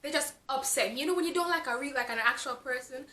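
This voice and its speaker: Jamaican woman, book reviewer, frank and exasperated, fairly high, bright tone. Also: fast talker. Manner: frank, exasperated, full of fillers. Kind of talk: casual spoken book review. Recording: echoey room.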